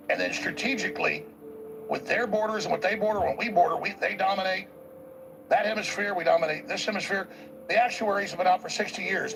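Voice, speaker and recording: Gravelly high-voiced man ranting emphatically. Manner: emphatic, rambling, repeats words when pushing a point. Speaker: talk show host. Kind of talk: political monologue.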